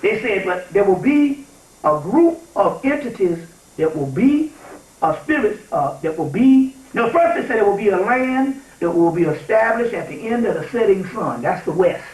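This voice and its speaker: A man giving an informal spiritual lecture to a live audience, animated and emphatic, often checking in with his listeners. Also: sits high, normal speed. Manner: animated and emphatic, often asks "you see what I'm saying?". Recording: echoey room, taped from far off.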